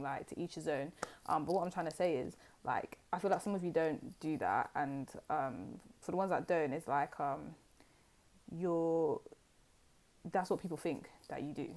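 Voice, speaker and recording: A woman with a slightly low voice gives a casual tarot reading straight to her viewers. She talks in a chatty, rambling way, full of fillers and side remarks. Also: moderate pace, darkish tone. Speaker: tarot card reader.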